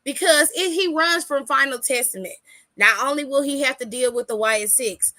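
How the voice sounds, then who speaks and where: A woman hosting a casual podcast, chatting through a recap and acting out quotes with lots of energy. Her voice sits a little high and sounds bright and forceful. The sound is dry, with no room around it. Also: normal speed, no echo. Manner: animated storytelling, acts out quotes, laughs often. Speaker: podcast host.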